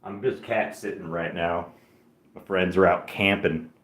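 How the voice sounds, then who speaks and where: A man's voice: sits low, fairly even intonation, measured pace, a bit bright, reverberant. A man streaming casually from an apartment, rambling and self-deprecating, cooing at a cat between thoughts. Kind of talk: casual livestream chat. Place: indoors in an apartment.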